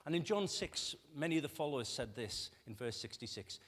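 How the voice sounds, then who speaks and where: A man's voice: medium pitch, fairly quick, hardly any pauses. Male pastor in reverberant church hall. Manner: conversational, poses rhetorical questions to the congregation; acts out quoted voices with lively shifts. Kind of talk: sermon.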